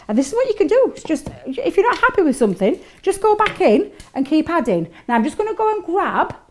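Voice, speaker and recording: A woman chatting warmly and giggling as she demonstrates a craft technique on a live show. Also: extremely high pitch, big pitch swings, quick pace, a little hiss or hum. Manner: chatty, giggly, talks to co-host while working. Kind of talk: live craft shopping demo chat.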